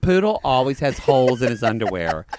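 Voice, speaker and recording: A man's voice: medium pitch, sing-song, fairly quick, a little mellow, slight background noise. A man co-hosting a podcast, speaking sassily and profanely, addressing listeners as y'all in casual comedic chat. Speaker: podcast co-host.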